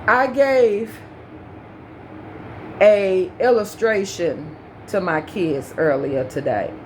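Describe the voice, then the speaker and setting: A woman's voice: mid-range voice, darkish tone, slight background noise. A woman giving an emphatic opinion rant to the camera, full of repeated points and rhetorical questions. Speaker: commentary vlogger.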